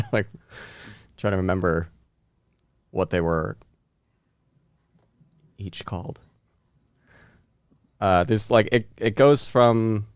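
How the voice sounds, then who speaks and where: Man, podcast guest, casual and hesitant, smooth voice, dry sound. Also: sits low, dry recording. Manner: relaxed, hesitant with fillers. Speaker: podcast guest, course producer. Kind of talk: casual chat.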